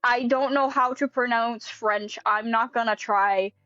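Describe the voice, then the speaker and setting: A woman's voice: on the high side, steady tone, bright, forceful tone, no echo, lo-fi sound, faint music behind. A young woman reading a creepypasta aloud in a casual way, breaking off to laugh and comment. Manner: quick, giggly and sweary. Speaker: creepypasta reader.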